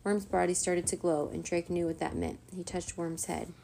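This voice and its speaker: A woman reading a children's chapter book aloud in a steady, even narrating voice. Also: on the low side, normal speed, vocal fry, slight background noise. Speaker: storyteller.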